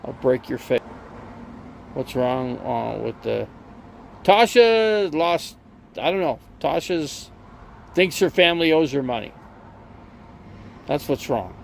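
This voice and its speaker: A man's voice: a little high, lively intonation, takes it slowly, vocal fry, pauses often, a little hiss or hum. A man streaming from an RV, chatting casually and rambling through stories with lots of fillers and restarts. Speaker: live streamer.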